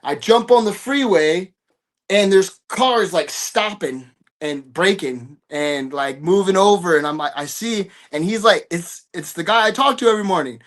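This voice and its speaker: A man's voice: high-pitched, lively intonation, normal speed, a bit bright. A man talking casually as an interview guest, rambling and swearing, with lots of fillers. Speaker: guest fighter.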